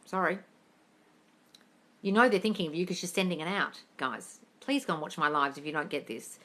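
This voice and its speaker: Bright-voiced woman, live-stream host, blunt and sweary, scolds her viewers. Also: sits low, normal speed. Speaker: host answering live chat questions.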